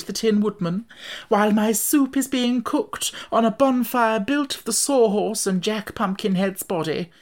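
A woman's voice: medium pitch, voice pushed up, natural voice. A woman voicing a pompous, learned male insect who speaks in a self-important, dramatic way in an audiobook reading.

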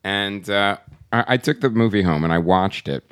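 Deep-voiced teasing Philadelphia man. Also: normal speed, clear, resonant tone, dry recording, studio quality. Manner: teasing, chatty. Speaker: podcast co-host. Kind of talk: casual chat.

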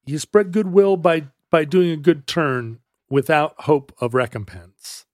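A man co-hosting a podcast, telling a history story in a casual, halting way with frequent restarts. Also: on the high side, expressive, a little mellow, no room sound, clean studio sound. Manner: halting, many restarts and fillers, wry. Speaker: podcast co-host.

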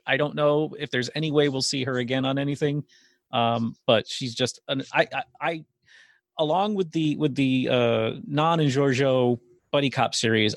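Man co-host, gravelly voice, dry close sound, eager and stammering. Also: medium pitch, dry recording. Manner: enthusiastic, stammering restarts. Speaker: podcast co-host. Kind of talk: casual chat.

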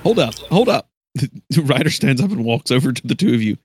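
A man's voice: medium pitch, big pitch swings, fairly quick, darkish tone, slightly rough. A man playing a tabletop role-playing game who jokes playfully and laughs often. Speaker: player.

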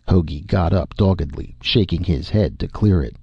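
A man narrating an audiobook in a steady, measured way. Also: deep voice, creaky, husky, no room sound. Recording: dull, dry recording.

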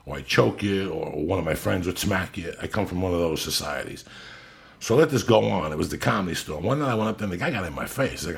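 A man's voice: low-pitched, animated, quick pace. A man telling a long story in casual podcast chat, blunt and profane. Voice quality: gravelly, raspy. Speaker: podcast host.

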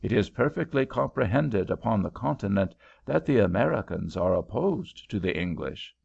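A man voicing a confidential Frenchman who separates his syllables and speaks in a measured way. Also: fairly low pitch, lively intonation, creaky, darkish tone, breathy edge, heavily acted. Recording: dull lo-fi recording.

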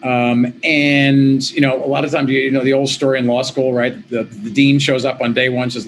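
Middle-aged male guest, mid-pitched, lively storyteller who restarts often, with a light hiss behind him. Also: low-quality recording. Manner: animated, quick restarts, quotes himself and others. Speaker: interview guest. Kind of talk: conversational storytelling.

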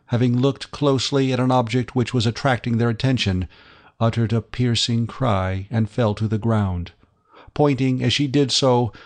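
A man's voice: mid-range voice, natural voice. A man voicing a young woman in an audiobook, telling a sorrowful story with earnest feeling.

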